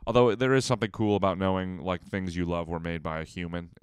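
A man's voice: deep voice, steady tone, fast talker, smooth, no room sound. A young adult man, a comedian, talking in a casual rambling vlog monologue full of fillers and self-doubt.

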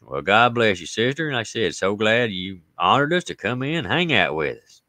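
In a lowish voice with big pitch swings, a man with an Appalachian accent briskly hosts a casual livestream, and the recording is dry. He reads viewer comments and stories in a folksy manner and greets viewers warmly by name.

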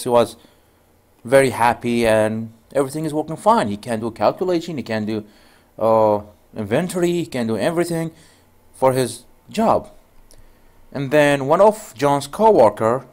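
A male networking instructor giving a casual screen-share tutorial, telling stories full of "you know" and "goes like" in non-native English phrasing. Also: mid-range voice.

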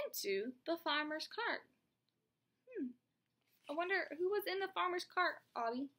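A young woman, a teacher at home, reading a storybook aloud to her child with animated, chatty asides. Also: very high-pitched, moderate pace, long pauses.

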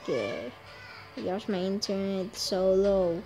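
A woman's voice: medium pitch, expressive, slow, a little mellow, soft background music. A woman commentating her own game match, trash-talking and complaining about lag with frequent swearing. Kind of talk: gameplay commentary.

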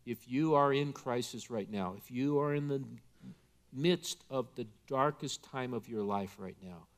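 A man's voice: medium pitch, unhurried. A male pastor delivering an impassioned, emphatic sermon in church.

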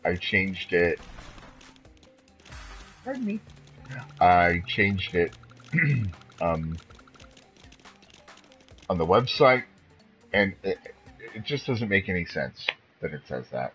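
Male game streamer, low voice that swings widely, unhurried rambling delivery, quick excited yelps. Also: soft background music. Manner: rambling, makes odd noises and sudden excited outbursts. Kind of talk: casual live-stream chatter while playing.

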